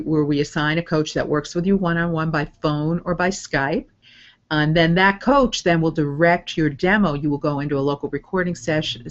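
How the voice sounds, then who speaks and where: Upbeat woman voice coach, lo-fi sound. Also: deep voice. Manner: chatty, upbeat, answers viewer questions. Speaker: voice over coach. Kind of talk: live Q&A webinar. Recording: dull lo-fi audio.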